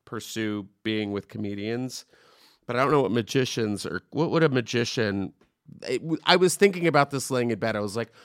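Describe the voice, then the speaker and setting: A man hosting a podcast, telling a chatty, animated story in casual conversation. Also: mid-range voice, no echo, clean studio sound. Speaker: podcast host. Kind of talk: casual chat.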